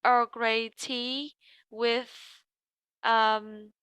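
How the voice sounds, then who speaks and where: A woman teacher leads a role-play practice in an English lesson, encouraging and unhurried. Her voice sits a little high and sounds bright and smooth. The sound is dry and close. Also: level tone, no echo.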